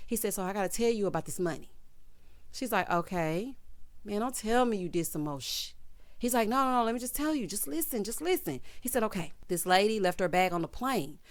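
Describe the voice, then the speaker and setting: Animated sassy woman recapping a show. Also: mid-range voice, dry recording. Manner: animated, sassy retelling with quoted voices. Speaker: TV recap host. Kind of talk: casual recap commentary.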